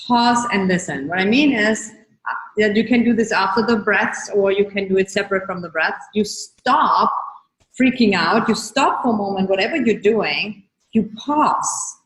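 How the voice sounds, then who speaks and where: A woman wellness coach talks casually to her viewers, calm and gentle, repeating her key phrases and guiding them through slow breaths. Her voice sits at an ordinary pitch. The room around her rings with a noticeable echo. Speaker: wellness coach and show host. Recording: roomy echo.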